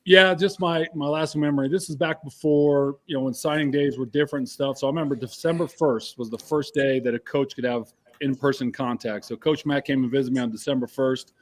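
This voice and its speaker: A man with a mid-range voice, reminiscing in a relaxed way over a video call. His delivery is easygoing and conversational. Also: mid-range voice, a little fast. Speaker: former college football player. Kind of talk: casual reminiscing.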